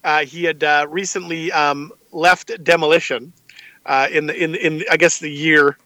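A man's voice: fairly high pitch, steady tone, bright, forceful tone, dry recording. A man co-hosting a podcast, chiming in with enthusiastic agreement and jokes about old wrestling shows. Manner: enthusiastic, quick agreeing interjections, joking. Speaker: podcast co-host. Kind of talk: casual chat reviewing old wrestling shows.

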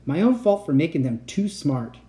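A woman voicing an unstable male inventor uncle in a storybook reading, excitable and pleading, turning soft and menacing. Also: low-pitched, moderate pace. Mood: fearful. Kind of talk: storybook read-aloud.

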